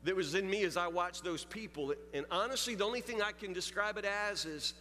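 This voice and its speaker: A man's voice: high-pitched, a little fast, sharp tone, slight background noise. A man preaching a sermon, telling a story in a confessional, building way. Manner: storytelling, confessional, rising intensity. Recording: long hall reverb with faint music.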